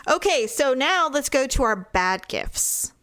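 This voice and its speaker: A woman co-hosting a podcast, telling a long story in casual chat, animated, swearing freely and laughing often. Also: sits high, a little slow. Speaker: podcast co-host.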